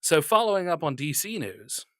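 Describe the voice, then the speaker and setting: A man's voice: on the high side, sing-song, moderate pace, sharp tone, dry recording, studio quality. A man co-hosting a podcast, trading teasing banter with his co-host and reading comic news aloud with small stumbles.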